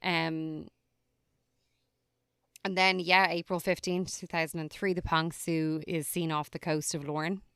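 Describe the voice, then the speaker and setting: A woman talks through a crime series in a relaxed, amused way, full of "like" and "um". Her voice sits low and comes through smooth and resonant. The sound is close and dry, with no room echo. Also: measured pace, long pauses. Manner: chatty, amused, lots of "like" and "um". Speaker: podcast co-host. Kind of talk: casual recap chat.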